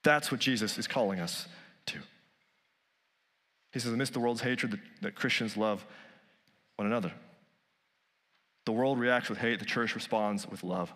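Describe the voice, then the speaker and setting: A male pastor preaching a sermon, rising loud on key points and dropping soft on others. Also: fairly low pitch, moderate pace, pauses often, in a large hall.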